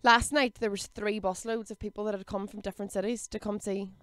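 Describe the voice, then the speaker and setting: Smooth-voiced Northern Irish woman. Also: mid-range voice, fairly even intonation, a little fast, fairly bright tone, no echo. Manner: chatty, quotes people in put-on voices, laughs often. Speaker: podcast guest, comedian. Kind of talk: casual chat.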